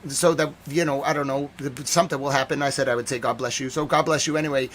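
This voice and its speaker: A man hosting a live stream, joking and repeating himself as he reacts to news footage, swinging between loud outbursts and quiet mutters. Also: medium pitch, steady tone, quick pace, slight background noise.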